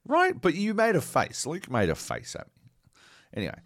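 Male podcast co-host, casual banter, sweary and animated, dry close mic. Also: high voice, normal speed, no echo.

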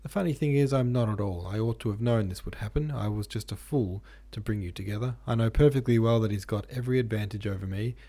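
A man reading the lines of a lovesick young man who hides his hurt behind a forced, measured calm in an audiobook. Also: fairly low pitch. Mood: rueful.

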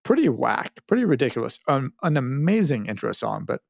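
Male podcast host, middle pitch, dry close mic, wry and self-mocking. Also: big pitch swings, brisk, gravelly, dry recording. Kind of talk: casual podcast chat, reading listener mail.

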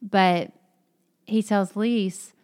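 A woman's voice: mid-range voice, steady tone, very slow, a little mellow, smooth. Woman retelling a novel's scenes. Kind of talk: casual book discussion.

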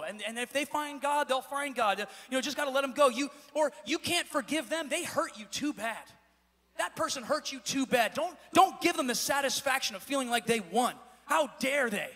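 A man pastor preaching a sermon in a church, with a repetitive, building cadence that rises to shouts. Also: extremely high pitch, expressive, a little fast. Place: church sanctuary. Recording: echoey church hall.

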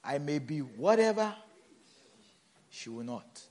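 A man preaching a sermon as pastor, swinging between shouted emphasis and soft low asides, repeating words and asking the congregation questions. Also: very animated, takes it slowly.

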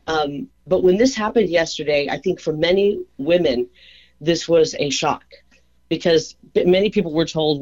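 A woman's voice: low voice, a little mellow. A woman calling in to a radio interview as a political candidate, explaining her position fluently and carefully. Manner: fluent, measured explanation with restarts. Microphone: telephone. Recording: dull phone-line sound.

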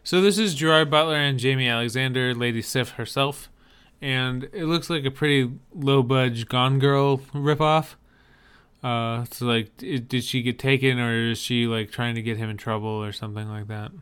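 A man's voice: medium pitch, fairly even intonation, moderate pace, fairly bright tone, smooth. A man co-hosting a podcast, chatting casually about movie trailers and explaining details with frequent restarts. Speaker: podcast co-host.

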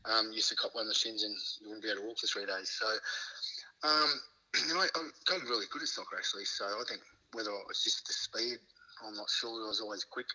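Middle-aged Aussie ex-footballer as a guest, very bright and forceful, laughing, playing out every quote. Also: male voice, quick pace, poor audio. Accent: Australian. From Queensland, Australia. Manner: laughs often, acts out quoted lines with rising pitch. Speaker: guest, former rugby league player. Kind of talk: casual storytelling.

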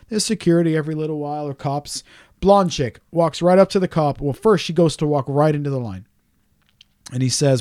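A man's voice: fairly high pitch, a little fast, a little mellow, no room sound, clean studio sound. A man telling a long story on a casual podcast chat, swearing often and ranting in exasperation.

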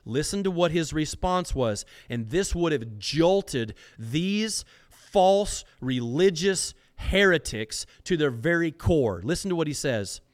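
A man preaches in an emphatic style, tossing out rhetorical questions and answering them himself. His voice is smooth and resonant and sits a little high for a man. He repeats words as he builds a point and slows down to stress key phrases. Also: lively intonation. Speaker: podcast host teaching scripture. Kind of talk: sermon-style Bible teaching.

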